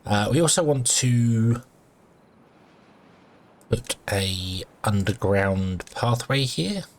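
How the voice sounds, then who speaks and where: A man's voice: mid-range voice, lively intonation, extremely slow. A man giving rambling, casual commentary while playing a game, full of ums and uhs and self-corrections. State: has the hiccups. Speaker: gaming video host.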